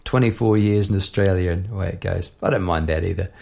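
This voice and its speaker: Man, New Zealand accent, gravelly, low voice, middle-aged podcast host, relaxed rambling chat. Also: fast. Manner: rambling, relaxed, with many restarts.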